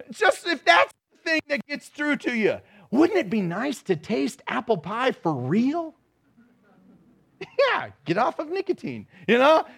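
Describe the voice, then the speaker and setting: A man's voice: very high-pitched, fairly bright tone. A middle-aged man preaching a sermon, telling stories animatedly with laughter and mimicked voices. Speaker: pastor.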